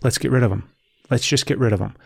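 A man's voice: mid-range voice, fast, vocal fry, slightly rough, no echo. A man in his forties co-hosting a podcast, chatting casually with a blunt, joking manner and casual swearing. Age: 40s. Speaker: podcast co-host. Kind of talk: casual chat.

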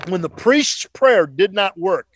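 Animated high-voiced male preacher. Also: unhurried, husky. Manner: animated, emphatic, repeats phrases for effect. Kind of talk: storytelling testimony on a talk show.

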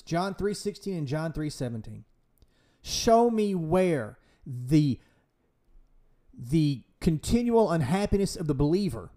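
Lively high-voiced man preaching with passion. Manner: emphatic, pleading, rhetorical questions. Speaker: preacher and podcast host. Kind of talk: impassioned preaching.

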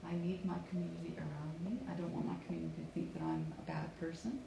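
Low gravelly woman coaching a class. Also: level tone, quick pace. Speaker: English conversation teacher. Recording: echoey room with faint background noise.

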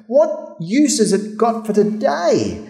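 Animated preacher. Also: male voice, very high voice, slow, creaky. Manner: animated storytelling, acting out quoted voices. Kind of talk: sermon. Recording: hall reverb.

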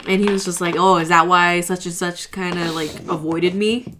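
A woman's voice: fairly low pitch, fairly even intonation, normal speed, fairly bright tone. Blunt woman chatting, faint hiss. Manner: blunt, swears freely. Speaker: podcast co-host. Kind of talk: casual chat.

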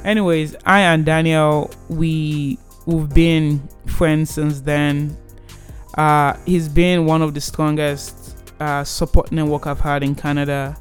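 A young man in his twenties casually telling a personal story, animated and rambling with many restarts. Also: on the high side, slow pace, soft background music.

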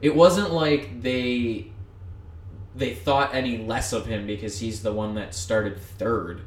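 A man's voice: medium pitch, fairly even intonation, takes it slowly, slight background noise. Man, casual sports talk, profane, rambling, roomy echo. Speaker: podcast co-host.

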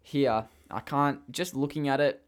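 A young Australian man hosting a casual football tipping chat, relaxed and quick to laugh. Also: mid-range voice. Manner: relaxed, leads the segments, laughs easily. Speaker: podcast host.

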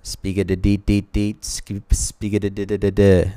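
A man's voice: fairly low pitch, completely flat delivery, moderate pace, dark tone, smooth, close to an everyday voice. A man putting on a goofy jazzy speakeasy crooner who scats nonsense syllables in a sing-song voice. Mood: scatting.

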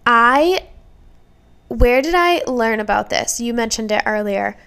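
A woman's voice: on the high side, expressive, gravelly, fairly bright tone, clear, resonant tone. A woman co-hosting a casual podcast, mostly listening and chiming in with short jokey remarks. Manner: slow, reactive listener, chimes in with jokey quotes. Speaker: podcast co-host. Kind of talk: casual chat.

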